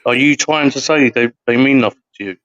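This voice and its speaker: A man's voice: medium pitch, a bit bright, no room sound. A man co-hosting a casual live podcast, joking and firing off teasing questions. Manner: teasing, jokey, quick questions. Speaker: podcast co-host. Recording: slightly dull lo-fi audio.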